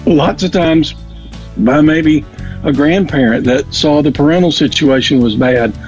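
A man's voice: on the high side, a little slow. A man making a casual on-air appeal for donations, rambling and often repeating his words. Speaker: radio guest appealing for donations. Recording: dull lo-fi audio with faint music.

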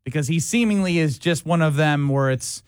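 A man hosting a sports radio show, chatting and teasing his co-host in an animated way. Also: fairly high pitch, clear, resonant tone, no room sound, clean studio sound. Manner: animated, teasing, quick back-and-forth. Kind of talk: casual sports radio banter.

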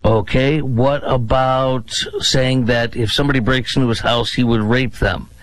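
A man's voice: fairly even intonation, moderate pace, no room sound, poor audio. Sarcastic male talk radio host. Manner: sarcastic, mocking, exaggerated pitch swings. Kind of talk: opinionated political talk radio.

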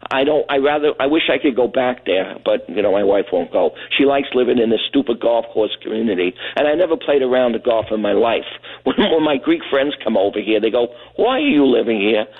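A man's voice: medium pitch, expressive, a little fast. A middle-aged man from Brooklyn, calling in to a radio show and telling a long, rambling story, acting out the lines of the people in it. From Brooklyn, New York. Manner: rambling, anecdotal, acts out other people's lines. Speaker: caller. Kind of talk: phone-in storytelling. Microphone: telephone. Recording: tinny phone line.

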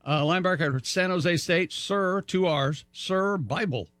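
A man's voice: high voice, measured pace, fairly bright tone, dry recording. A man co-hosting a casual talk show, reading out names and spelling them out in an upbeat way. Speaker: co-host. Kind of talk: casual radio chat.

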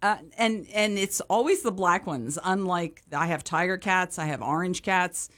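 A woman chatting casually as a guest on a morning radio show, talkative and quick to laugh. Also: on the low side, a bit bright. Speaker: radio guest from an animal shelter.

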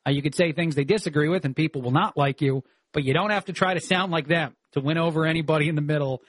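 Opinionated man, slightly high voice. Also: quick pace, dry recording. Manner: animated, opinionated, frequent "uh" fillers. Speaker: fill-in radio talk host. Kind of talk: opinionated talk radio commentary.

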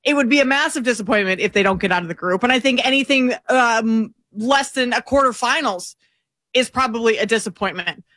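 A woman's voice: a little high, a little fast, fairly bright tone, no echo. A woman co-hosting a talk show, chatting casually with frequent ums and a self-deprecating manner. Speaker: co-host.

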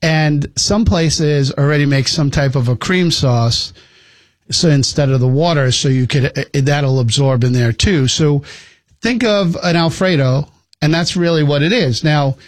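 A man's voice: on the high side, a little slow, dry recording. A man co-hosting a casual chat, explaining a cooking technique at length in an easygoing way. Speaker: podcast co-host.

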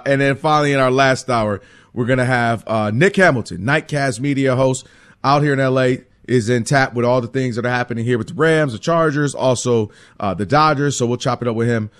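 A man hosting a sports radio show, talking in an animated, sing-song way and laughing often. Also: medium pitch, fairly quick, clean tone. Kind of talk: casual sports talk. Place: radio studio.

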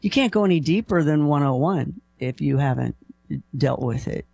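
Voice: mid-range voice, expressive, normal speed, vocal fry, darkish tone, husky, no echo. Upbeat laughing radio host, dry sound. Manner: laughs often, upbeat and encouraging. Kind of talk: call-in radio hosting.

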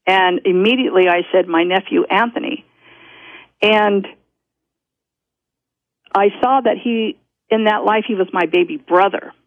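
A woman's voice: mid-range voice, unhurried, pauses often, no echo. A woman guest telling a personal story in a rambling, self-interrupting way, often breaking into laughter. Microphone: telephone. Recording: tinny phone line.

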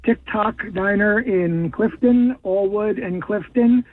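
A man calls into a radio show. His voice is high and a bit husky, and it comes through a tinny phone line. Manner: listing places, halting restarts. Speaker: caller.

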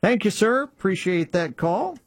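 A man hosting a radio buy-and-sell call-in show, reading listings plainly and repeating phone numbers slowly. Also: high voice, lively intonation, no room sound, studio quality.

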